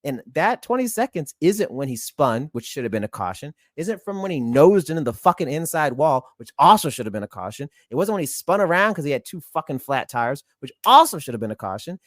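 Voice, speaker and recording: A man rants on a podcast in a profane, exasperated torrent, his fairly high voice swinging up and down with feeling. The sound is dry and close-miked, with no room around it. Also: sing-song, a little fast, hardly any pauses, no echo. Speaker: podcast co-host. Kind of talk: heated ranting podcast talk.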